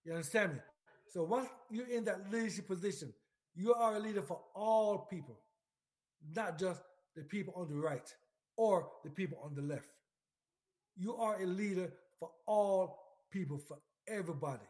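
High-voiced man ranting emphatically. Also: moderate pace, a little mellow. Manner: emphatic, repetitive, profane, lots of direct questions at the listener. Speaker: military veteran vlogger. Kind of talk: ranting political commentary.

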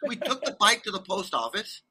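High bright-voiced man, rambling story. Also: a little fast, breathy edge. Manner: rambling, animated, laughs often, many restarts. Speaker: guest telling a travel story. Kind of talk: casual storytelling chat. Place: condo abroad.

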